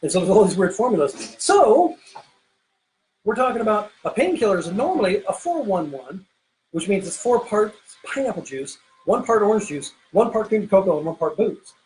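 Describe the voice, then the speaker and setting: A man's voice: high voice, big pitch swings, normal speed, darkish tone, a little hiss or hum, low-quality recording. A man hosting a casual bartending show, telling a long joke in a rambling, playful way while mixing drinks in a home bar. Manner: rambling, self-interrupting, playful. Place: home pirate-themed bar.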